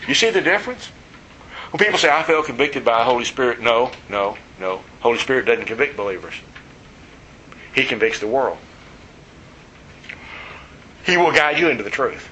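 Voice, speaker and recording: A man's voice: medium pitch, moderate pace, long pauses, a little hiss or hum, poor audio. A man preaching a sermon in a conversational, teasing way, asking the congregation questions. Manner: conversational, teasing, animated storytelling. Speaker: pastor.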